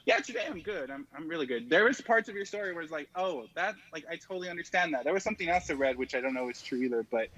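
A man's voice: on the high side, animated, rapid-fire, few pauses, a bit bright, highs cut off. A man calling into a show on the phone, talking casually and sprinkling in lots of fillers. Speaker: caller.

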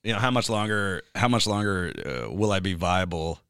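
A man's voice: on the low side, brisk, a bit bright, smooth, no room sound, studio quality. A man who is a worship pastor, chatting casually and rambling with lots of fillers. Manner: rambling, filler-heavy, breaks into singing snippets. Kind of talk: casual chat.

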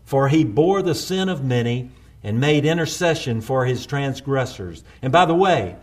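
A male preacher delivering a sermon, building intensity through repeated refrains and slowing down for quoted prayers. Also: mid-range voice, animated.

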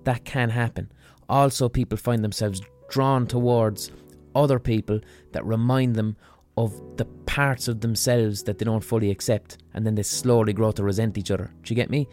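A man's voice: on the low side, steady tone, moderate pace, few pauses, darkish tone, faint music behind. Blunt sweary man. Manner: blunt and profane. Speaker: podcast host. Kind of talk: casual explanatory monologue.

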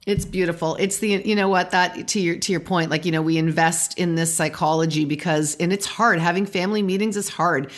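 A woman hosting a casual conversation, speaking encouragingly and responding warmly to her guest. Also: fairly low pitch, steady tone, a little fast, few pauses. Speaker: host.

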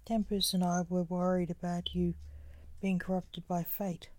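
A woman's voice: on the low side, little pitch movement, a little slow, darkish tone, a little hiss or hum, natural voice. A woman reading the lines of a cold, clipped male enchanter, a former assassin, in a storybook.

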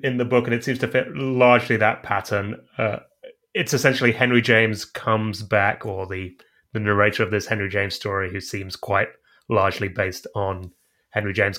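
Co-host, lowish voice, measured and explanatory book talk. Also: male voice, fairly bright tone. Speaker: podcast co-host. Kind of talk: casual book discussion.

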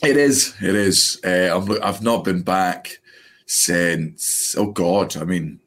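Scottish comic, 30s, low-pitched, lively and profane, telling stories as a podcast guest. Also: male voice, slow. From Scotland. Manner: animated, jokey, swears freely. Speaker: comedian guest. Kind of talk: casual podcast chat.

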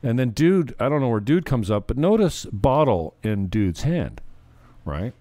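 A man's voice: medium pitch, very animated, unhurried, dark tone, dry recording. A man hosting his own show, giving rambling, profane, joking commentary on viral videos. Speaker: show host.

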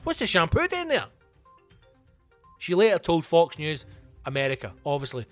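A man's voice: on the high side, huge pitch swings, moderate pace, long pauses, fairly bright tone, dry recording, faint music behind. A Scottish man hosting a comic podcast, ranting animatedly with plenty of swearing. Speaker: comedian and podcast host.

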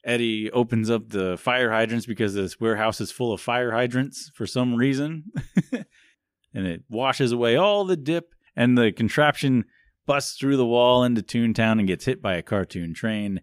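A man's voice: medium pitch, moderate pace, clear, resonant tone, dry recording, studio quality. A man co-hosting a podcast, casually recapping a movie in a rambling, jokey way, laughing often and filling with "like". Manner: rambling, frequent laughs and "like" fillers; jokey, self-mocking. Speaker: podcast co-host.

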